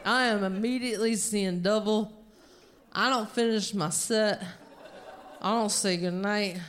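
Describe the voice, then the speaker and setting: A woman stand-up comedian telling a story on a theater stage with an animated delivery, exclaiming her punchlines into a handheld mic. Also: medium pitch, measured pace, slight background noise. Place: theater stage before a live audience.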